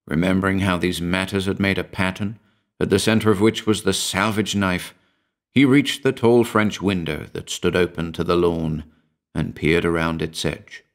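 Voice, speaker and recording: A man giving a measured, brooding scripted narration of a horror story. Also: sits low, level tone.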